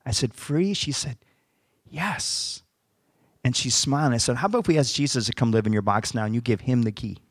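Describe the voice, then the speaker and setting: A male pastor recounting a story from the pulpit, lively as he acts out each exchange. His voice sits in a middle register. The sound is dry and close. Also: mid-range voice, very fast, few pauses, no echo. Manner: animated storyteller acting out dialogue. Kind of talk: sermon storytelling.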